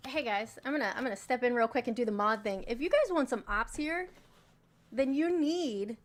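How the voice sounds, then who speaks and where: A woman runs a casual live stream as its moderator, joking and swearing freely. She is bossy with her viewers. Her voice sits a little high for a woman. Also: normal speed.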